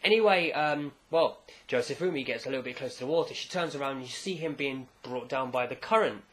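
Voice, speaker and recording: A man casually recapping a comic chapter, rambling and animated, with jokey asides. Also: medium pitch, fairly quick. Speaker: manga chapter reviewer.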